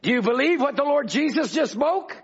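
A man's voice: very high voice, animated, fairly quick. A man preaching a fervent revival sermon, calling out to the congregation in rhythmic bursts. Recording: dull lo-fi old recording.

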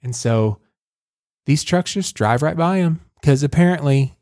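A man's voice: a little high, animated, a little slow, a little mellow, no echo, clean studio sound. Rambling, laughing podcast guy. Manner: rambling, laughing, many fillers and restarts. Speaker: podcast host. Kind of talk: casual movie recap chat.

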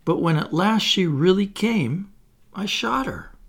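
A man putting on a young lost boy, high pitched, shaky, pleading, breathy. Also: lively intonation, unhurried, a bit bright, exaggerated voice. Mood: proud then afraid. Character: proud then frightened boy Toodles.

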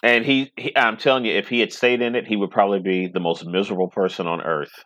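A man's voice: fairly low pitch, fairly even intonation, fast talker, fairly bright tone, no room sound. A middle-aged man chatting casually in a podcast conversation, rambling and laughing often. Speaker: web radio station owner, podcast guest.

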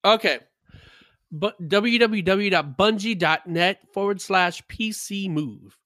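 A man's voice: sits high, takes it slowly, pushed and bright, dry recording. An American man co-hosting a casual podcast, joking around and laughing as he reads out game news. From United States. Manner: jokey, laughs often, tries silly accents. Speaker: podcast co-host. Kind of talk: casual podcast chat, reading news aloud.

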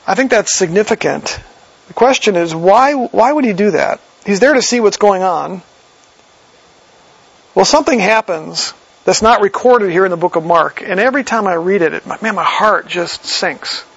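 Man, preacher, sermon, high gravelly voice, conversational, reads and explains verses, dull lo-fi recording. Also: dry recording.

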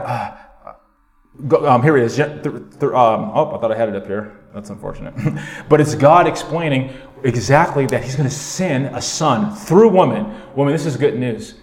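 Pastor guy preaching, chatty and animated, mid pitch, church echo all around. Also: moderate pace. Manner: animated preaching, conversational asides. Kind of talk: sermon. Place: church sanctuary. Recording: roomy echo.

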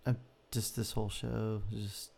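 A man's voice: on the low side, little pitch movement, a little slow, creaky, a little mellow. A man co-hosting a podcast in casual chat, loose, sarcastic and profane. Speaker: podcast co-host.

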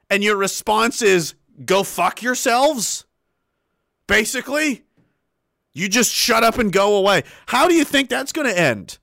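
A man's voice: high voice, gravelly, sharp tone, no room sound. A man ranting angrily on a livestream, sarcastic and indignant, swearing freely and answering his chat. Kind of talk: angry livestream rant.

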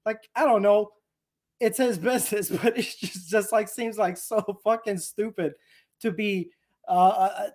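A man chatting as a guest on a podcast, ranting in an animated, profane way and laughing often. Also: sits high, unhurried. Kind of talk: casual podcast chat.

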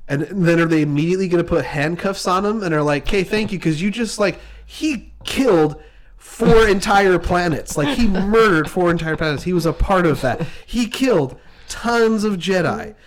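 A man's voice: high voice, animated, normal speed. Rambling man chatting about a film. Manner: rambling, lots of "like" fillers. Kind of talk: casual film discussion.

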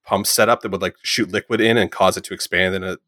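A man chatting casually about a movie, rambling with lots of fillers and animated retellings. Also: deep voice, quick pace, no echo, studio quality.

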